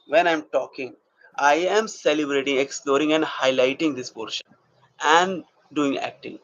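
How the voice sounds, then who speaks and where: A male acting coach leads his class through an exercise, laying it out step by step and stopping to ask whether it is clear. His voice sits a little high. The recording is dull and lo-fi. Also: moderate pace, a bit bright, dry recording. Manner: explains step by step and checks in with the class.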